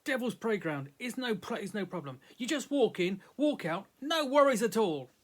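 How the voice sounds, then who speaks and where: A man reading aloud voices a loud, boastful woman adventurer who speaks in broken, foreign-sounding grammar. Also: mid-range voice, animated, normal speed, voice pushed up, lightly acted. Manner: yelling, emphatic.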